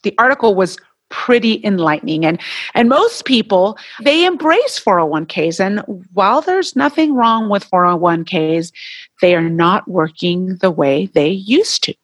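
Animated chatty woman podcast host. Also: mid-range voice, measured pace, no room sound. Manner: animated, chatty, gets heated and laughs at points. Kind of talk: casual solo podcast talk.

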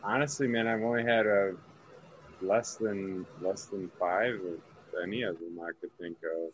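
A man's voice: sits low, fairly even intonation, unhurried, a little hiss or hum, rough recording. A man in casual chat, rambling and trailing off as he searches for words.

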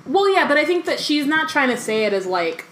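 A woman's voice: high-pitched, big pitch swings, fairly quick, fairly bright tone. A young woman co-hosting a casual chat podcast, easygoing, laughing often and using "um" and "like". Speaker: podcast co-host. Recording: faint background noise.

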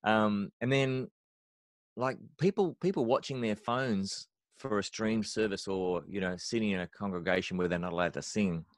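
A man, a worship mentor, talking in an animated, emphatic way as a podcast guest, often repeating words as he starts a phrase. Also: on the low side, normal speed, dry recording. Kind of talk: conversational interview.

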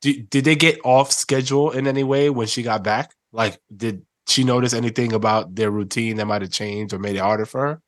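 A man's voice: medium pitch, a little fast, hardly any pauses, no echo, clean studio sound. A man co-hosting a podcast, speaking casually and hesitantly with restarts. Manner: hesitant, restarts before asking. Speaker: podcast co-host. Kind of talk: casual chat.

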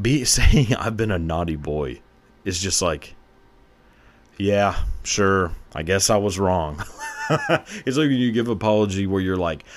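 A young man hosting his own podcast, talking casually in a crude, profane, joking way and laughing often. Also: deep voice. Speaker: podcast host. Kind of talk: casual solo podcast monologue.

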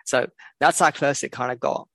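Man with a gravelly voice, blunt and sweary co-host, dry close mic. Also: mid-range voice, steady tone, moderate pace, fairly bright tone, dry recording. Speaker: podcast co-host. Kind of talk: casual football chat.

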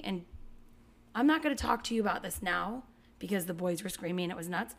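A woman's voice: lowish voice, animated, a little fast, vocal fry. A woman in her thirties, a podcast co-host and mother, chatting casually and acting out her kids' lines as she tells a story. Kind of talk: casual chat.

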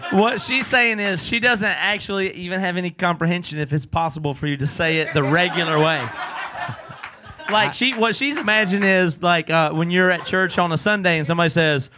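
A man's voice: sits high, a little fast, over music. A man co-hosting a live podcast, teasing the audience with dry jokes. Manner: teasing, wry. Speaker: podcast co-host.

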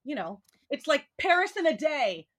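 A woman's voice: high voice, big pitch swings, moderate pace, a bit bright. Woman, author guest, casual podcast chat, chatty, filler-heavy. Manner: chatty, filler-heavy, laughs through sentences.

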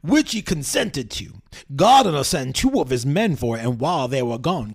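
A man putting on the voice of an old southern gentleman, reading aloud old testimony in a slow drawl. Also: fairly high pitch. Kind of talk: dramatic reading in a podcast.

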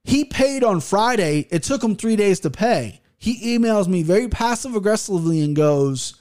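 A man's voice: high-pitched, moderate pace, few pauses. A man in his thirties hosting a podcast in casual chat, rambling, swearing freely and restarting his sentences. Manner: profane, rambling and animated, with frequent restarts. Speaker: podcast host.

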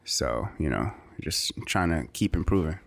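A man's voice: extremely low pitch, animated, unhurried, gravelly, a bit bright. A man co-hosting a podcast in casual chat, telling rambling anecdotes in a laid-back way, with a California accent. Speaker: podcast co-host.

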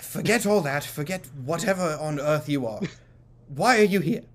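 A man's voice: a little high, animated, moderate pace, close to an everyday voice. A man voicing a shady, irritable male shopkeeper who is curt and exasperated with the customer.

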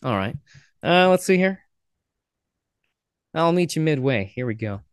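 Casual male podcaster, lively pitch, dry close mic. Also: a little slow, smooth, no echo. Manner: chatty joke telling with fillers. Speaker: podcast host. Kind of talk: casual video chat with strangers.

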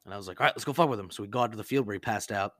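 A man's voice: lowish voice, racing, fairly bright tone, no room sound, studio quality. A man casually telling a crude prank story on a podcast, rambling and profane, full of "like" and acted-out quotes.

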